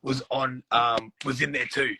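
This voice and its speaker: A man's voice: mid-range voice, fairly even intonation, a little slow, creaky, pushed and bright, a little hiss or hum, rough recording. A young Australian man chatting casually, telling rambling stories and swearing freely. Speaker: reality show contestant.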